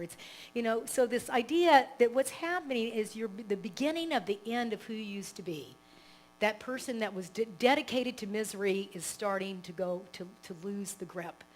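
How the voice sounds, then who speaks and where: A woman minister delivering a live church sermon with a somewhat high voice. Her talk is animated and conversational, with many restarts and asides. She leads the congregation in a casual, chatty way. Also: moderate pace, poor audio.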